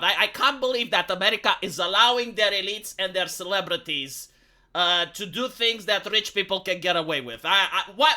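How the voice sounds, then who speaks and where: Bright-voiced sarcastic male streamer. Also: sits high, brisk. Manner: sarcastic, rambling, mocking. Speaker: livestream host. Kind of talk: livestream commentary.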